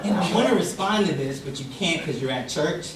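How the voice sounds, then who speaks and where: A young man delivering a comic contest speech on stage, his pitch leaping around as he tells the story. He sounds distant from the mic in a very echoey hall. A live audience murmurs behind him. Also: brisk, over a noisy crowd, heavy background noise. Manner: animated storytelling, acts out voices. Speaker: contest speaker.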